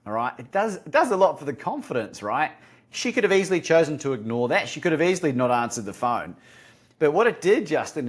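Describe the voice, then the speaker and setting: Animated Australian man telling stories. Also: mid-range voice. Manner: animated storyteller, acts out phone calls. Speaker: podcast guest, courage coach. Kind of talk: storytelling interview talk.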